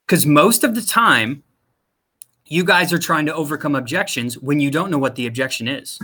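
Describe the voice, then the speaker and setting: A man's voice: on the high side, pushed and bright. A man working as a career coach, giving direct, emphatic interview advice and repeating his key points. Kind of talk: instructional talk to viewers.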